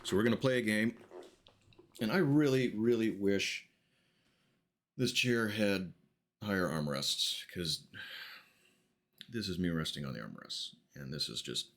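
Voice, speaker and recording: A man's voice: on the low side, expressive, unhurried, pauses often, fairly bright tone. A chatty, jokey man streaming a video game, giving casual commentary. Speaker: gaming streamer. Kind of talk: casual let's-play commentary.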